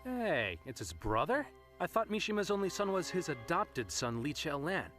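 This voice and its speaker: A skeptical cop in an animated film. He talks in a dry, wry way. His pitch moves around a lot. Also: moderate pace, soft background music.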